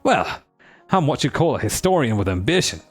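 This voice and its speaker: Man voicing a cheerful braggart dwarf, fake Australian-Cockney accent, lively up-and-down lines, over quiet game music. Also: mid-range voice, brisk, breathy edge, pitched above the performer's own voice. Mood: jaunty. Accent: put-on Australian, drifting Cockney. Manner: jaunty, cheery, theatrical. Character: boastful male dwarf historian, cheerful showman.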